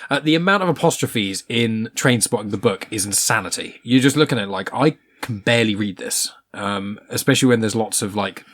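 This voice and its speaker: A man hosting a casual podcast chat, opinionated and quick to swear. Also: lowish voice, lively intonation, a bit bright. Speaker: podcast host.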